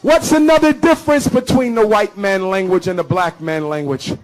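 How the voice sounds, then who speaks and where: A man giving an impassioned public speech to an audience in a rhythmic preaching cadence, punching key phrases with shouts. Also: high voice, moderate pace, rough recording. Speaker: public speaker. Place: live event before an audience.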